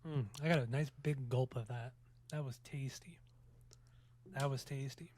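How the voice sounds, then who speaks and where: Fast-talking joking male podcast host. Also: medium pitch, steady tone, a little mellow. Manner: fast, joking, profane banter. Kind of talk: casual podcast chat.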